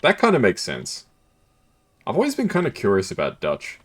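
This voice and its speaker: A man with a low voice talks through a detective game on stream, keeping it loose and jokey and poking fun at himself. His delivery is lively, swinging up and down in pitch. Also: normal speed. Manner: playful, giggly, self-deprecating. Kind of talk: casual gameplay commentary.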